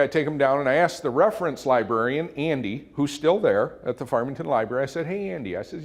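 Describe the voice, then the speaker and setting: A middle-aged man, giving a motivational talk and telling a folksy story that quotes his children in animated voices. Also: on the high side. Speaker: motivational speaker.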